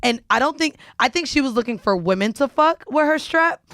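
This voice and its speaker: A woman's voice: sits high, lively intonation, a little fast, fairly bright tone, no room sound. A woman co-hosting a casual podcast, chiming in bluntly with crude details. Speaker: podcast co-host. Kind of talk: casual chat.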